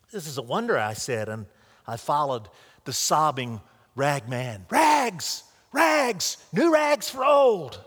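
A man's voice: on the high side, fairly bright tone. A man preaching a sermon by retelling a story earnestly, with small restarts, in a large hall or church. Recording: long hall reverb.

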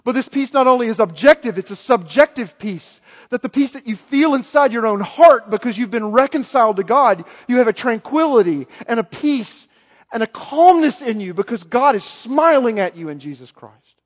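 Guy preaching a sermon, high voice, goes from hushed to yelling, long hall echo. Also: animated, normal speed. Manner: swings from soft to yelling. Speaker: pastor.

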